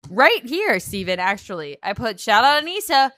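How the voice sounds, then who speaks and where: A woman co-hosts a casual recap podcast, ranting with sarcastic exasperation. Her voice sits fairly high and bright, and her pitch jumps around a lot. The sound is close and dry. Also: sing-song, moderate pace, dry recording. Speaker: podcast co-host. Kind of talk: casual reality-TV recap chat.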